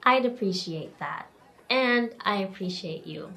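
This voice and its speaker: A woman voicing a quiet, self-doubting young female coworker in a scripted lesson dialogue, with gentle, earnest delivery. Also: medium pitch, lively intonation, unhurried.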